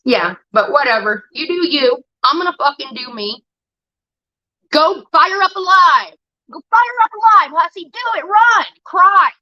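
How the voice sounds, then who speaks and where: A woman's voice: high-pitched, sharp tone, no room sound, lo-fi sound. A woman livestreamer giving a heated, profane, defensive rant straight to her viewers. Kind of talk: angry ranting monologue.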